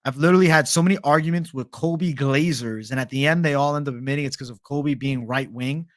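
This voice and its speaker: A man's voice: mid-range voice, fast talker. A young man hosting a casual livestream, swearing freely and reading viewer chat aloud. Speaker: livestream host.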